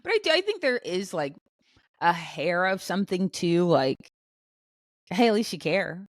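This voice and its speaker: A young woman co-hosting a casual podcast, telling a story with many restarts and fillers, and jumping much higher when she acts out her own outbursts. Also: very animated, normal speed, no room sound, clean studio sound. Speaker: podcast co-host. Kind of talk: casual chat.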